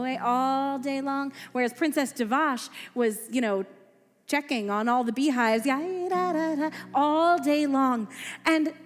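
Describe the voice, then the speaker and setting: A woman telling a story to children at a family service, playful and quizzing them with questions. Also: sits high. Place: synagogue sanctuary. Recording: echoey hall with faint music.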